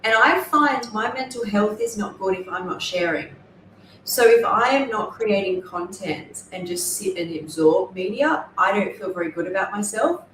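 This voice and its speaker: A woman's voice: mid-range voice, animated, normal speed, a bit bright, a little hiss or hum. A woman hosting a casual cooking livestream from her kitchen, explaining as she goes and often correcting herself. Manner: rambling, self-correcting explanations. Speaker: livestream host. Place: home kitchen. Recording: echoey room with faint ambience.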